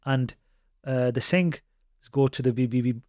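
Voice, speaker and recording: A man's voice: medium pitch, measured pace, a little mellow, no echo, clean studio sound. A man, a Sikh preacher telling stories in conversation and mixing Punjabi phrases into his with frequent restarts. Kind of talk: conversational storytelling.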